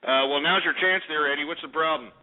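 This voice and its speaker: A man's voice: a little high, quick pace. A man hosting a call-in radio show, arguing hard with a caller and talking over him. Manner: combative, talks over the caller. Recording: tinny lo-fi radio broadcast.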